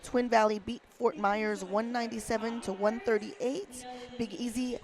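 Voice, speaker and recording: A woman's voice: on the high side, fairly even intonation, moderate pace, a crowd in the background. A woman doing live roller derby commentary from an arena booth, chatty and friendly as she reads the lineups.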